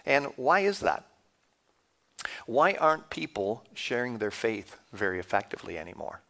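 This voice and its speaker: A man's voice: medium pitch, big pitch swings, moderate pace, vocal fry, a bit bright. A Canadian man in his fifties preaching a conversational sermon to a congregation, asking the audience questions as he goes. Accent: Canadian English. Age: 50s. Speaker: guest speaker.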